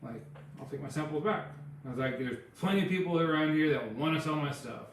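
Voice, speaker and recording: A man's voice: a little high, fast talker, slight background noise. Rambling man in a very echoey room. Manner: rambling storytelling with many fillers. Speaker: podcast co-host. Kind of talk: casual chat.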